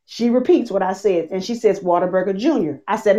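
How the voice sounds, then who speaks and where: A woman preaching a sermon, repeating phrases, asking the congregation questions and slowing down for emphasis. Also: medium pitch, mellow, dull audio.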